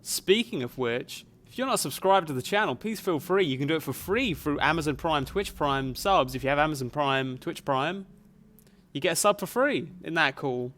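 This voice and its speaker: A man with a softened Essex accent, chatting casually to viewers while streaming a game, rambling with plenty of fillers. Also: a little high, lively intonation, normal speed. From Essex, England. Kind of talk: casual live gameplay chat.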